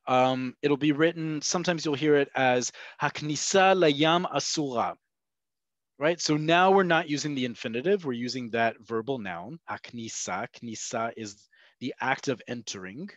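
A man's voice: medium pitch, moderate pace, no room sound. A man teaching a language in an online webinar, explaining step by step and often checking in with "okay" and "right?". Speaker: Hebrew teacher. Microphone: video call. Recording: dull, lo-fi webinar audio.

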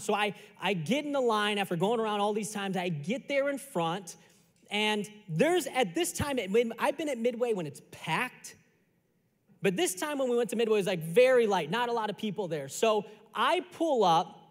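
A male pastor preaching a sermon, telling a story in a lively conversational way that builds to a lesson. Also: high voice, moderate pace, in a large hall. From Chicago area. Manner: animated, conversational storytelling with repeated phrases. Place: church sanctuary.

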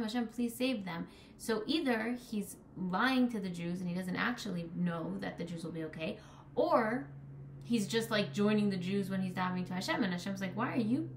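An earnest young woman teaches an informal Torah lesson, talking casually and filling her sentences with "like." Her voice sits at a middle pitch, and it rings in an echoey room with a faint hum of ambience behind it. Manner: earnest, casual, many "like" fillers.

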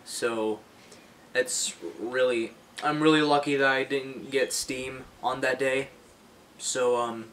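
A man's voice: on the high side, a bit bright. A teenage boy or young man talking unscripted to his channel's viewers, rambling and repeating himself with many restarts and fillers. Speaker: YouTuber. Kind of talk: casual unscripted vlog talk.

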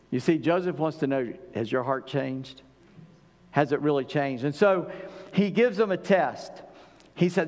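A man preaching a sermon as pastor, conversational and animated, often acting out quoted lines in other voices. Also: fairly high pitch, moderate pace. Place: church sanctuary. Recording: long church-hall reverb.

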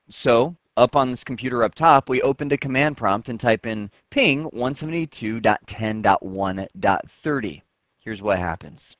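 A man teaching computer networking step by step, acting out what each computer says in quick asides, on a close mic. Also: medium pitch, dry recording. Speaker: networking instructor. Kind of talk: screen-recorded technical lesson. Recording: dull, dry lo-fi voice track.

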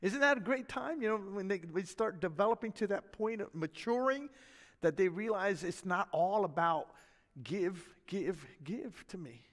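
Lively high-voiced preacher in a church hall. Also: male voice, normal speed. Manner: folksy, animated preaching with chuckles and asides. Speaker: pastor. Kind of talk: sermon. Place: church sanctuary.

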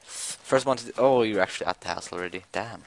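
A man's voice: fairly low pitch, a little fast, gravelly. A young man chatting and joking while playing a video game with a friend. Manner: joking, teasing, laughs often. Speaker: gaming commentator. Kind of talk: casual gameplay chat.

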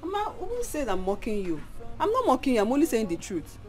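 A scolding, sarcastic daughter. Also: female voice, high-pitched, wildly swooping pitch, a little fast, darkish tone. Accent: Nigerian. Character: grown daughter scolding her mother. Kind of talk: film drama acting. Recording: film audio with music behind.

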